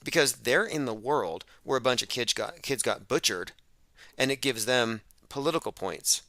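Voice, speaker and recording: A man hosting a call-in radio show, with a bright, forceful voice and a dry, close sound. He talks emphatically and with heavy sarcasm. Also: medium pitch, expressive, moderate pace, no echo. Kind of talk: open-phones radio monologue.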